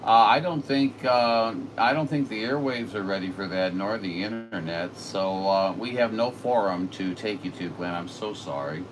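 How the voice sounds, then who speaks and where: Low-voiced rambling man. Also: moderate pace, few pauses. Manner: rambling, filler-heavy, folksy. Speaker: radio operator. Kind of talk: casual chat. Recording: distant mic with noisy room.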